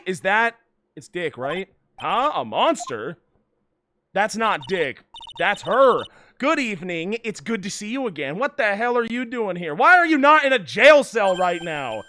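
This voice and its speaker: A man playing a story game on stream and cracking sarcastic jokes between the lines. His pitch rises and falls in a lively way. A faint hiss sits behind his voice. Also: normal speed. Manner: sarcastic, jokey asides. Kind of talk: let's play commentary.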